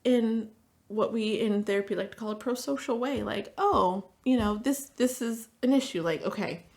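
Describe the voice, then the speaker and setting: Woman, middle-aged, therapist, casual podcast chat, animated storyteller. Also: fairly high pitch, normal speed, vocal fry. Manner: animated storyteller acting out family dialogue. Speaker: therapist guest.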